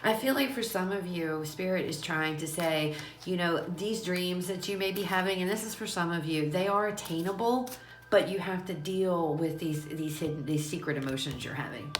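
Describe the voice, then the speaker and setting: A woman's voice: fairly low pitch, normal speed, reverberant, a little hiss or hum. A woman giving a casual tarot reading, talking straight to her listeners in a chatty, repetitive and emphatic way, with a runny nose and watery eyes. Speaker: tarot reader. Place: small room at home.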